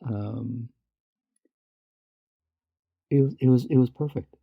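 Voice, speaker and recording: A man's voice: medium pitch, slow, vocal fry, breathy edge, no echo, muffled recording. A man co-hosting a podcast, telling stories in casual chat with many restarts and fillers, laughing now and then. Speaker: podcast co-host.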